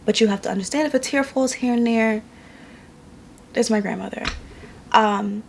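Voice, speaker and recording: Speaking at a moderate pace in a fairly high, gravelly voice, this New York vlogger in her young adult years shares a personal story to camera from indoors at home. Her casual storytelling is candid, emotional and conversational, and there's slight background noise.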